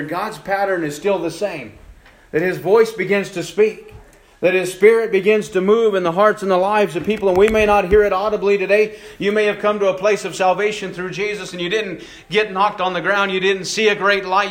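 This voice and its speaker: High-voiced man preaching in an echoey church. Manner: preaching with wide swings between hushed and raised passages, slowing for emphasis. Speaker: pastor. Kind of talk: sermon. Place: church sanctuary.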